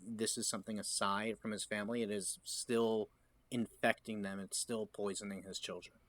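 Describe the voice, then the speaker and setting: A man's voice: lowish voice, moderate pace. A man co-hosting a podcast, talking casually about horror films and acting out scenes as he describes them. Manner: animated, quotes scenes in voices. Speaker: podcast co-host. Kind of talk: casual film discussion.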